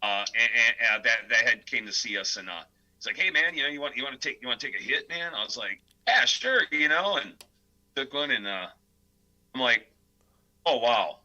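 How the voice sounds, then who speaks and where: Speaking at a brisk clip with a medium pitch, this Midwestern death metal singer and guitarist rambles through stories as a guest on a podcast. The audio is dull. It's a casual storytelling interview, and he's lively and meandering, leaning heavily on filler words.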